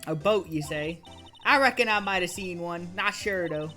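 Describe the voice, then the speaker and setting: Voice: medium pitch, moderate pace, sharp tone, faint music behind, natural voice. A streamer doing a feisty Southern country gal. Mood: folksy. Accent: put-on American Southern drawl. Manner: folksy, drawling, feisty. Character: brash Southern country woman photographer. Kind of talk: reading game dialogue aloud on stream.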